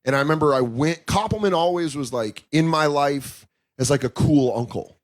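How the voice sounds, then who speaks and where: This comedian guest, a man in his thirties, speaks at a normal pace in a slightly high voice. Chatting openly on a podcast, he spins lively stories laced with curses, acting out what people said in quoted voices.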